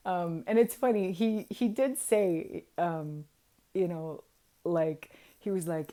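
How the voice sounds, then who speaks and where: Lively laughing woman in her forties. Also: on the low side, takes it slowly. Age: 40s. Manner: animated, laughs often, swings from hushed to loud. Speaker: vlogger. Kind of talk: casual storytelling to camera.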